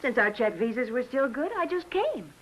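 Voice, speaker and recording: An actress playing a spirited, exasperated American wife, in 1950s TV drama style. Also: female voice, fairly high pitch, moderate pace. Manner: exasperated and lively.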